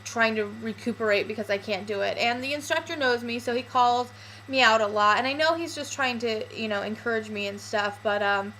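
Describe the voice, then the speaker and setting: A woman's voice: on the high side, sharp tone, slight background noise, poor audio. A young woman vlogging casually and candidly, with lots of fillers. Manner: chatty, candid, with many fillers. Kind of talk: casual personal vlog.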